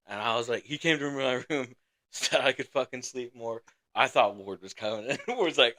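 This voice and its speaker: A man's voice: medium pitch, a little fast, sharp tone. A young man casually telling a rowdy story on a podcast, swearing constantly and laughing as he talks. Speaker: podcast co-host.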